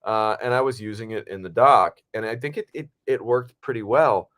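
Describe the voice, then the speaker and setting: Podcast guy rambling through a story, swears a lot, mid-pitched voice. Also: moderate pace. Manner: profane, animated storytelling. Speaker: podcast co-host and actor. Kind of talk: casual chat.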